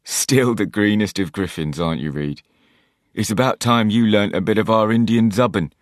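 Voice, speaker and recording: A jovial old male ship's pilot , as a male reader puts him on, low and drawling with a teasing, knowing manner. The recording is dry and close, with no room in it. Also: normal speed, no echo, close to an everyday voice. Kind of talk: audiobook character voice.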